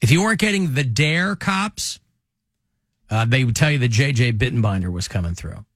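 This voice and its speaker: A man's voice: mid-range voice, expressive, normal speed, a bit bright, no room sound, studio quality. A man hosting a radio talk show, telling stories in a chatty way with laughs. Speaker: radio host.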